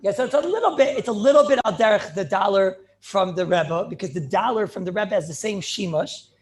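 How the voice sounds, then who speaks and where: A man's voice: sits high, expressive, brisk. A middle-aged man teaching an informal Talmud class, talking in a conversational, repetitive way and dropping in Hebrew and Yiddish terms. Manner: conversational, repeats himself, peppers speech with Hebrew and Yiddish terms. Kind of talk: informal yeshiva shiur with student questions.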